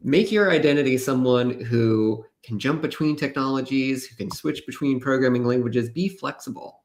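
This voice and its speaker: Calm, reflective male stream co-host. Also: mid-range voice, normal speed. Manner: calm, reflective, drops in "right?". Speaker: co-host of a developer live stream. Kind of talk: casual live-stream chat.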